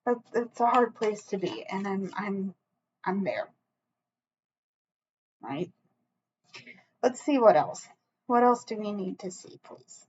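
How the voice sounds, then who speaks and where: Slow, halting woman reading tarot. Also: medium pitch, animated, darkish tone, dull audio, slight background noise. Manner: halting, earnest, frequent restarts and reassuring "okay?". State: emotional, close to tears. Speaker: tarot reader. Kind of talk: solo tarot reading to camera.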